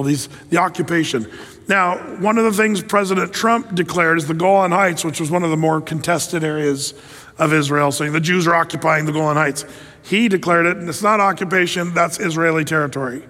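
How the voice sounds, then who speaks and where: A man giving a sermon-style Bible teaching, conversational and animated, often acting out quoted voices. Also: fairly high pitch, big-room sound.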